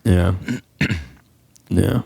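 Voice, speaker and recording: A man's voice: deep voice, extremely slow, creaky, warm tone, dry recording. A man co-hosting a podcast, rambling and joking playfully with frequent laughter. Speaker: podcast co-host. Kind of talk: casual chat.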